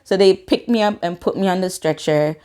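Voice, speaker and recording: Brief: woman in her twenties, lower-pitched, casual storytime vlogger, curses often, acts out quotes. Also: brisk, smooth. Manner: swearing, animated reenacted quotes.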